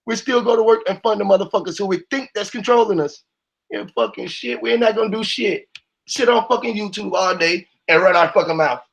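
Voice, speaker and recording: A man's voice: high-pitched, gravelly, fairly bright tone. A man on a live call-in panel, delivering a profane, fired-up, preachy rant. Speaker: panel speaker.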